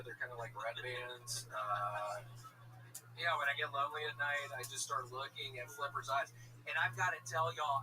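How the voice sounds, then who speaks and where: A man in casual, crude comedic banter, swearing often, giggling and talking in mock excitement. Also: medium pitch, background noise. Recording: distant mic with loud music.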